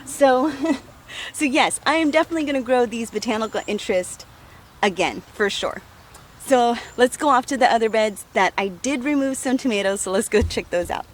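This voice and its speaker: High-voiced woman touring her garden. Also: expressive, moderate pace. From United States. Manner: enthusiastic, emotional, laughs often. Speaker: vlogger giving a garden tour. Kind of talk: casual garden tour talk. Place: outdoor garden on a farm.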